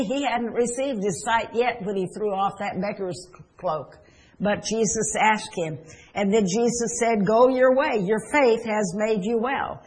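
A woman's voice: medium pitch, rough recording. A woman preaching a sermon, telling stories earnestly and retelling scripture and quotes.

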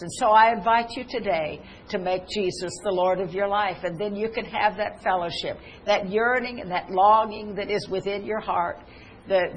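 A woman's voice: mid-range voice, slight background noise, rough recording. A woman preaching a televised sermon, earnest, stopping and restarting as she quotes scripture. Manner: earnest, with many restarts, quoting scripture aloud.

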